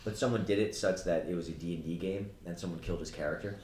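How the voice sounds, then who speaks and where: A man's voice: sits low, fast, a little hiss or hum. A man telling funny stories in casual chat with friends, laughing often. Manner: animated storyteller, laughing. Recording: echoey room.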